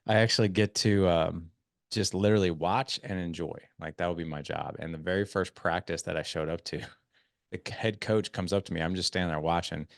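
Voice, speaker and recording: Gravelly low-voiced man telling a story. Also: fairly even intonation, a little fast, no echo, studio quality. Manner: rambling anecdotal, self-deprecating, lots of fillers. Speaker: podcast host. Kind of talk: casual storytelling conversation.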